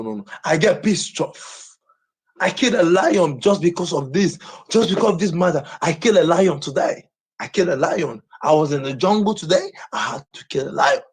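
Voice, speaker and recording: A man's voice: on the high side, expressive, a little fast, slightly rough. A Nigerian man ranting on a livestream, agitated and repeating the same phrases over and over.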